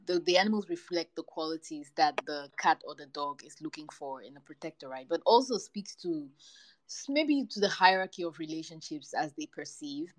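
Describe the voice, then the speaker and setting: A woman hosting a folktale reading, who narrates the stories and then leads a discussion. Her voice sits a bit low, and when she discusses she speaks thoughtfully, with pauses and restarts. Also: low-quality recording. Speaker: storyteller and discussion host.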